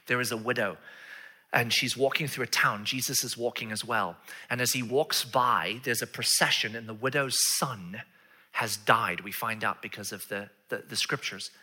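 A man preaching a sermon, telling stories with playful asides and dropping to hushed whispers for quoted lines. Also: medium pitch. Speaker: pastor.

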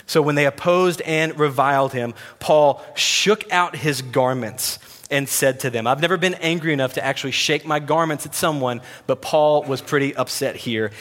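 A man's voice: fairly high pitch, normal speed, fairly bright tone. A man preaching a sermon, conversational and emphatic as he retells scripture. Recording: long reverb of a large hall.

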